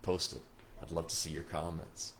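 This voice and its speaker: A man hosting a late-night livestream as a psychic medium, reading viewer comments at his computer, moving between soft, slow reflection and excited chatter. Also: a bass voice, vocal fry, slight background noise. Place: indoors at a computer.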